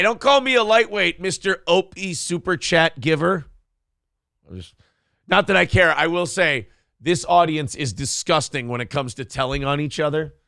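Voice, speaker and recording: A man from Minnesota with a slightly high, fairly bright, smooth voice hosts a casual live-stream morning show, recorded dry in studio quality. He rambles jokily and reads viewer chat comments aloud.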